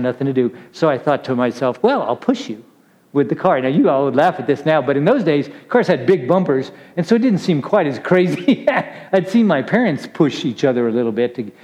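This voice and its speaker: A man's voice: mid-range voice, darkish tone, big-room sound, rough recording. A middle-aged man preaching a casual, storytelling sermon to young people, chatty and self-deprecating, laughing at his own stories.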